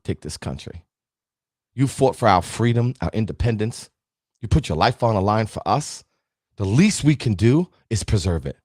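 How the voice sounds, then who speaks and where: A man hosting a motivational talk show, speaking straight to his audience with a preachy, animated delivery. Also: lowish voice, no echo, clean studio sound. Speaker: motivational show host and town councilman.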